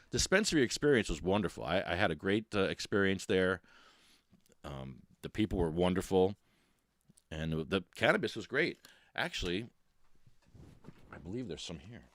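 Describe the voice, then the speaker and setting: A man with a deep voice and fairly bright tone hosts a casual solo podcast, recorded with no echo. He rambles and pokes fun at himself, restarting his sentences often.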